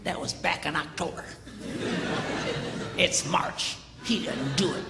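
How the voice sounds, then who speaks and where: A woman's voice: deep voice, takes it slowly, creaky, roomy sound, in a large hall, heavy background noise, voice pushed down, exaggerated voice. A man voicing an exasperated churchgoing wife who complains about her husband in a mocking sing-song. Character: exasperated churchgoing wife, middle-aged woman.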